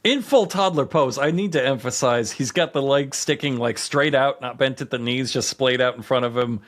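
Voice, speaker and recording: A man co-hosting a comedy podcast, telling stories with laughter and animated quoted lines. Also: mid-range voice, moderate pace. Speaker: podcast co-host. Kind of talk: comedic casual chat.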